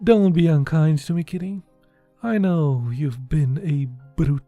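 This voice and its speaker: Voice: medium pitch, unhurried, no echo, narrow, tinny audio, soft background music, lightly acted. A reader voicing a charming, persuasive man in an audiobook, coaxing and soothing. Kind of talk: audiobook dialogue.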